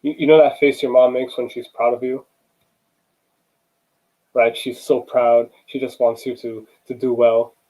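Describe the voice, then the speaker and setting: Young guy telling his story, warm mellow voice kinda husky, chatty and acts out the dialogue. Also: mid-range voice, level tone, measured pace, long pauses, poor audio. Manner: conversational, repeats "you know" and acts out dialogue. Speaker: student speaker. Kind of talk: personal storytelling talk.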